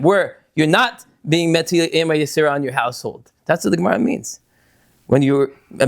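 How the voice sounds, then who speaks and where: A man, a rabbi and yeshiva teacher, giving an earnest, emphatic Torah talk in a synagogue, his pitch rising and dropping often. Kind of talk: Torah talk to a study group.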